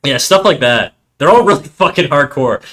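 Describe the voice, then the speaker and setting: A young Québécois streamer with a slightly high, expressive voice talks at normal speed with a fairly bright tone. Chatting loosely on his livestream, he laughs, swears freely, and code-switches between English and French in his French Canadian accent.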